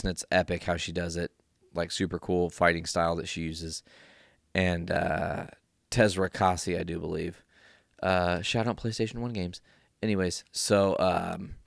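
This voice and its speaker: A man giving an excited, casual recap of a movie, full of swearing and filler words. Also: low voice, no echo, clean studio sound. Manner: enthusiastic, swears often, lots of fillers. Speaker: film reviewer.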